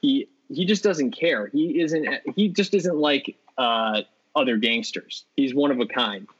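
A man's voice: mid-range voice, unhurried, a bit bright, husky. A man co-hosting a podcast, talking about movies with enthusiasm and rambling through fillers and restarts. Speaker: podcast co-host. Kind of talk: casual movie discussion. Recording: dull lo-fi sound.

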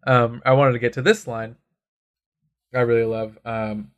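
A man talks in loose, excitable casual chat, piling up fillers and the odd curse. His voice sits at an ordinary middle pitch. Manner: excited, fast, full of filler words and swearing. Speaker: comic discussion co-host.

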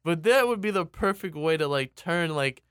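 Man, casual rambling talker, bright and forceful tone, dry close sound. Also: fairly high pitch, expressive, normal speed, clean tone, no echo. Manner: rambling, full of "like" and restarts. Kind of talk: casual chat.

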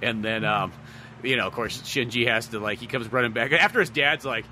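A man's voice: medium pitch, a little fast, pushed and bright, slight background noise. A man co-hosting a podcast in casual chat, joking, swearing and laughing often. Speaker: podcast co-host.

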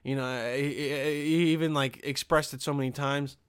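This podcast host, a young man, delivers a loose, profane rant full of restarts, sarcastic remarks, and "okay?" asides. He speaks at a moderate pace with medium pitch and fairly even intonation, his clean tone recorded in clean studio sound with no room noise.

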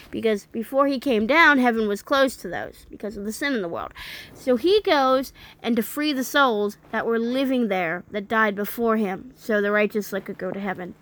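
A woman reading a critique aloud and breaking off into indignant, incredulous commentary, with some halting restarts. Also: on the high side, fairly bright tone. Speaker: religious commentator.

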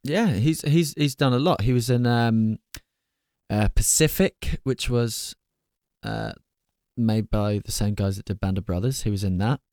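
A man's voice: fairly low pitch, measured pace, darkish tone, no room sound, clean studio sound. A man in casual chat, playful and jokey, who often slips into silly voices.

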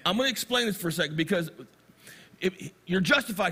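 A middle-aged male pastor preaching a sermon, animated, slowing down and stretching key words for emphasis. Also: sits high, husky.

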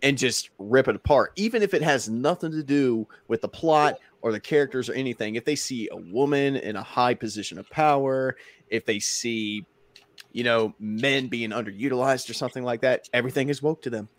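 A man's voice: mid-range voice, a little fast, no echo. A man co-hosting a podcast in casual chat, talking with emphatic, expletive-laced energy. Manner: swears freely, lively and emphatic. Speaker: podcast co-host.

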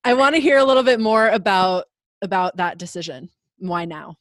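A woman's voice: medium pitch, fairly even intonation, moderate pace, a bit bright, no room sound, clean studio sound. A woman hosting a podcast, speaking in a gushing, enthusiastic and affirming way. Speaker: podcast host. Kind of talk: casual conversational interview.

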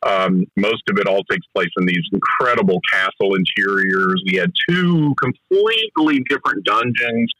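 A man with a bright, forceful voice tells behind-the-scenes stories in an interview. He talks eagerly and keeps restarting his sentences as he goes. The sound is close and dry. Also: lowish voice, lively intonation, moderate pace, hardly any pauses, dry recording, rough recording. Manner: enthusiastic storyteller with frequent restarts. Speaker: film director recounting a production. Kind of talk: conversational interview anecdote.

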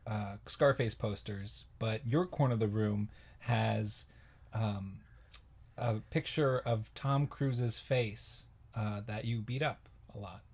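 Male improv co-host, husky, easygoing, teasing. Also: lowish voice, takes it slowly, darkish tone. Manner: laid-back, hesitant, teasing. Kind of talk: casual improv comedy chat.

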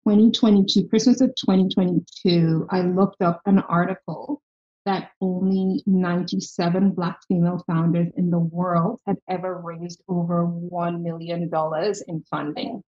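A woman with a softened Irish accent, speaking in a fairly low voice as a guest on a podcast. She tells her stories with animation and sometimes acts out what people said. The recording sounds a little dull and muffled. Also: moderate pace. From Ireland. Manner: animated storytelling, acts out quoted dialogue. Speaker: guest, health tech founder. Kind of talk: casual interview chat.

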